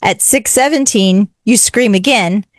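A woman trades stories in a relaxed chat, animated and quick to laugh. Her voice sits in a middle range, recorded close and dry with no room sound. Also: medium pitch, no echo. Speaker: podcast co-host. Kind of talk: casual chat.

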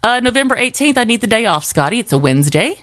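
A woman's voice: on the high side, big pitch swings, fast talker. Chatty woman co-hosting radio. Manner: chatty, laughing, rambling. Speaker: radio show co-host. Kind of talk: casual radio storytelling. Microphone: studio microphone.

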